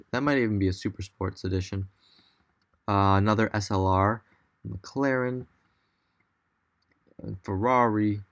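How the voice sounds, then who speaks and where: A young man casually narrating a virtual dealership tour, enthusiastic and loose, thinking aloud as he goes. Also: lowish voice. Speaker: car vlogger.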